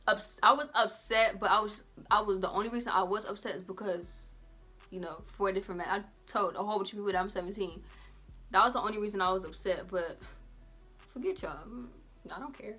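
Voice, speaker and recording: A teenage girl from Georgia vlogging a casual storytime in a lively, conversational way with Southern slang. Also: medium pitch.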